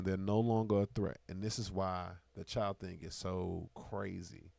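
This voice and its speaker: Gravelly, emphatic podcast host man. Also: fairly low pitch, no room sound. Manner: animated, emphatic, fast-talking. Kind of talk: casual podcast chat. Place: small indoor studio.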